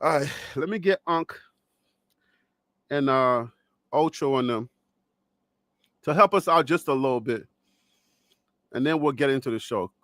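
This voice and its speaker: A man from Liberia hosts a live sports show in casual live-stream chat, playfully teasing viewers and laughing often. His mid-range voice is a bit bright and a little slow, with long pauses, and the recording is dry.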